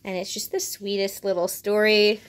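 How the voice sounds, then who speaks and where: A woman reviewing a children's picture book, reading pages aloud with expressive enthusiasm. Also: mid-range voice, normal speed, slight background noise.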